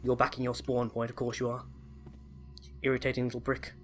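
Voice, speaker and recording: A man's voice: medium pitch, completely flat delivery, brisk. A man giving chatty, enthusiastic gameplay commentary, often correcting himself. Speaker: let's play host.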